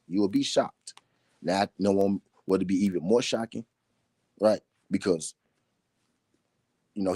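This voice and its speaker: Man, deep voice, emphatic repetition, casual live talk, dry close sound. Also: dark tone, breathy edge, no room sound. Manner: repetitive, emphatic, laughing between points. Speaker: boxing talk show host.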